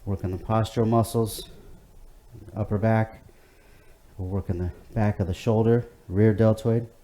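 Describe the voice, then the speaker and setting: A man's voice: lowish voice, steady tone, unhurried, warm tone. A man leading a home workout class, talking in an easygoing, chatty way with many fillers and restarts. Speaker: fitness instructor. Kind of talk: guided workout instruction.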